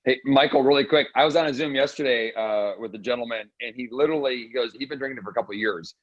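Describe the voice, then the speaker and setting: A man's voice: medium pitch, fast talker, dry recording, rough recording. A man on a video call, telling stories enthusiastically as a guest. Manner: enthusiastic storyteller. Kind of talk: casual talk on a video call.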